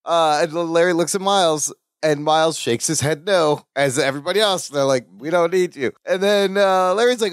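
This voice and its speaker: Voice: medium pitch, moderate pace, few pauses, clear, resonant tone, no room sound, studio quality. A podcast co-host chatting casually and joking while recapping a sitcom episode. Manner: animated, jokey, acts out quoted lines.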